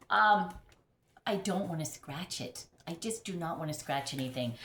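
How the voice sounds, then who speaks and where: Chatty rambling woman with a lively voice. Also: medium pitch, reverberant, a little hiss or hum. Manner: rambling, chatty, laughs often. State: recovering from illness. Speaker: houseplant vlogger. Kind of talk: casual chat. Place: home full of plants.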